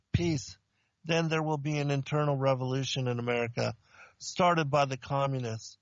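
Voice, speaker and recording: A stern male angel of God delivers slow, solemn warnings, as a man retells his words. The voice drops a little lower and keeps a gravelly edge. The recording is dry and dull. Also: no echo. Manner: solemn, slow, commanding pronouncements.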